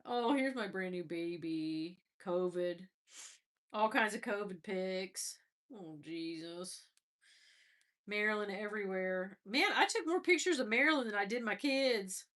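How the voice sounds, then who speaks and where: A woman's voice: medium pitch, animated, slow, long pauses, a bit bright. A middle-aged woman hosting a casual livestream, chatting and laughing as she scrolls through old photos, her nose stuffy after crying. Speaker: livestream host.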